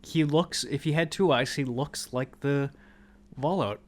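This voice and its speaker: A man's voice: medium pitch, a little slow. A man co-hosting a podcast in casual chat, laid-back and chiming in with short enthusiastic asides. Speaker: podcast co-host.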